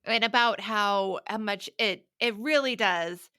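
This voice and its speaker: Middle-aged woman, parenting podcast co-host; bright, forceful tone, loud and impassioned, runs off on tangents. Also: medium pitch, a little slow, clean tone. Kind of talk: casual chat.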